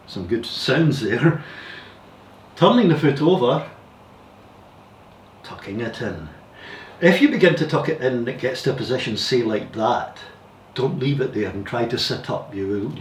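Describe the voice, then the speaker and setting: A man teaching yoga, giving calm, careful step-by-step guidance with repeated warnings to go slowly. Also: medium pitch. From Scotland. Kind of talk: guided yoga instruction. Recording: echoey room, distant mic, faint hiss.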